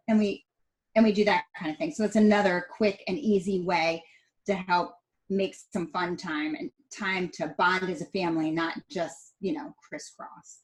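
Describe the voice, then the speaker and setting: A woman's voice: fairly low pitch, normal speed, rough recording. A middle-aged woman, a podcast guest, chatting casually and acting out family moments as she tells her story. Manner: animated storyteller, acts out family dialogue.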